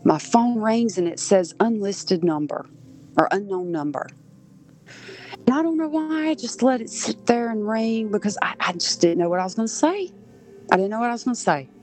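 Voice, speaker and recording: A woman's voice: medium pitch, expressive, moderate pace, darkish tone. A woman from Southern Georgia, a podcast guest earnestly telling a personal story and acting out voices she overheard. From Southern Georgia, USA.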